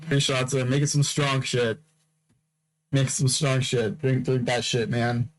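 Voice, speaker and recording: A man's voice: mid-range voice, little pitch movement, measured pace, poor audio. A man hosting a podcast in a casual, rambling monologue, drowsy and yawning, often stammering and repeating himself. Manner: repeats words and phrases, stammering restarts; drowsy, yawning between topics. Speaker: podcast host.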